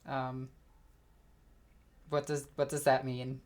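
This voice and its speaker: A woman playing a tabletop game, speaking in a relaxed, dry manner and sometimes in character. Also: very deep voice, takes it slowly, crowd noise. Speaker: player. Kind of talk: casual tabletop play.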